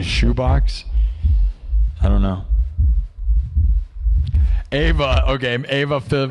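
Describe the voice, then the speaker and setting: A man's voice: lowish voice, darkish tone. A young man hosting a livestream, chatting casually and joking while he reads out viewer comments, rambling and firing off rhetorical questions. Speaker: livestream host.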